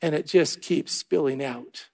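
A middle-aged man in a church gives a storytelling sermon. His voice sits high for a man, with a gravelly edge of vocal fry. He slips into quoted voices as he tells the story. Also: unhurried. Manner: animated storyteller, voices himself and others in quotes. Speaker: preacher. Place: church sanctuary.

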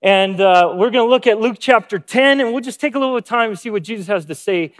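A man's voice: high voice, a little fast. A man preaching a sermon, opening with a storytelling anecdote and acting out the lines of the people in it. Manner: storytelling with acted-out quotes. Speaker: pastor.

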